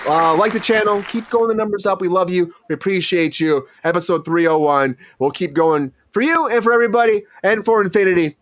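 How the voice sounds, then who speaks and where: A man's voice: high-pitched, brisk, few pauses, a bit bright, a faint crowd. A man hosting a comedy show, rambling in goofy riffs. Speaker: host. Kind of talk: casual comedy show chat.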